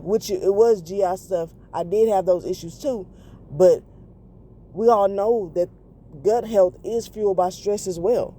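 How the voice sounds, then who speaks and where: Warm-voiced rambling podcast mom. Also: female voice, mid-range voice, normal speed, slight background noise. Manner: rambling, self-correcting, many fillers. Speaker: podcast host. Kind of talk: casual confessional monologue.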